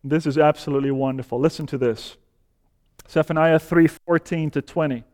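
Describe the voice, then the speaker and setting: A man preaching a sermon, speaking deliberately and building to fervent emphasis. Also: medium pitch, fairly even intonation, darkish tone. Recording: long hall reverb.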